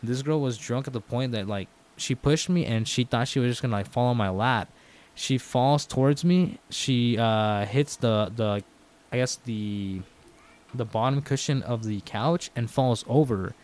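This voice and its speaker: Speaking a little slowly in a medium-pitched voice, a young podcast guest relates a story in a relaxed, casual way. He curses heavily, stays animated, and dramatizes the dialogue he quotes.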